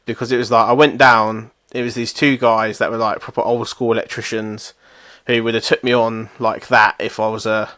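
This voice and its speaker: A man's voice: fairly low pitch, level tone, normal speed, fairly bright tone, no room sound, clean studio sound. A young man co-hosting a podcast, telling rambling, self-mocking stories with lots of swearing. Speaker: podcast co-host. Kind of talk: casual chat.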